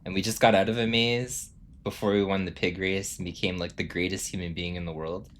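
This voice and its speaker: A man's voice: sits low, flat delivery, a little fast, a little hiss or hum. A man streaming a video game, chatting casually in a rambling, self-amused way full of fillers. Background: game music.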